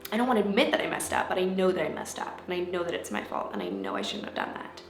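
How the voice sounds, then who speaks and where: A woman vlogger telling a personal story to camera in a casual, animated way, acting out what was said. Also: fairly low pitch, fast talker. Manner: animated, acts out quotes in changing voices. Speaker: vlogger and life coach. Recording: echoey room with faint background music.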